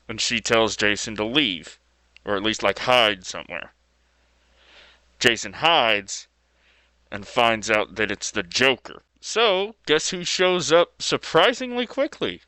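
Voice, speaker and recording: A man's voice: lowish voice, pushed and bright, clean tone, no echo. A man casually retelling a story as video host, laid-back and loose with fillers and mild slang.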